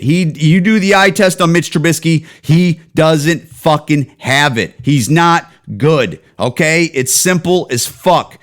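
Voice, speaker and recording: Profane ranting man in his forties. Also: on the high side. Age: 40s. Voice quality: profane, rambling, heated. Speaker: podcast host. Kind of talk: casual solo podcast rant. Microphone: home camera setup.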